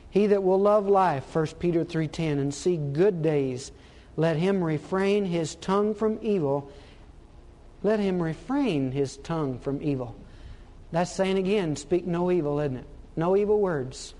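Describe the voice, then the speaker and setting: A man's voice: a little high, measured pace, dark tone. A man preaching a sermon, emphatic, asking rhetorical questions and repeating phrases for stress.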